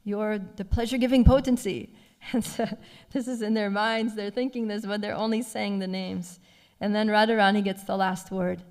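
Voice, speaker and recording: A woman giving a devotional scripture class, retelling a story with animated feeling and frequent soft laughs. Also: mid-range voice, normal speed, smooth, long reverb tail. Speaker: class speaker. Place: temple class.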